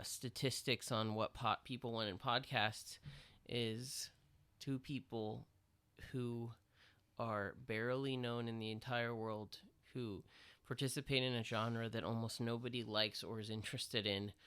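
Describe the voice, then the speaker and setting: A man co-hosting a podcast, rambling through an absurd deadpan mock apology. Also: medium pitch, smooth. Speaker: podcast co-host. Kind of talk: absurd comedy monologue.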